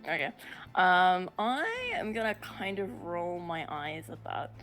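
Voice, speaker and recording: A woman plays in a tabletop game and talks slowly, with frequent "um" and "like" between her thoughts. Her casual chat comes over faint background music. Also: on the low side, fairly bright tone. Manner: hesitant, many "um" and "like" fillers. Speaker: player.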